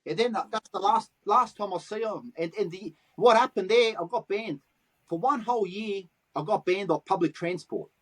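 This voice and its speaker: Husky-voiced Australian man, high pitch. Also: normal speed. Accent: Australian, Sydney. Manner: swears freely, animated anecdotes in street slang. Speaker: guest, graffiti artist. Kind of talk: casual storytelling interview.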